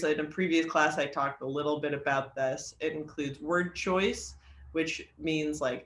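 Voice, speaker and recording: A man's voice: on the high side, sharp tone, reverberant, a little hiss or hum. A man teaching an online creative writing class, chatty and joking, with lots of fillers. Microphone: video call.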